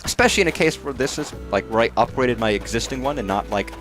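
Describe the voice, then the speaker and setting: A man's voice: mid-range voice, lively intonation, music in the background. A man livestreaming a game in casual commentary, swearing freely and rambling into mock rants at the characters on screen. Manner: profane, rambling, quick to rant at on-screen characters.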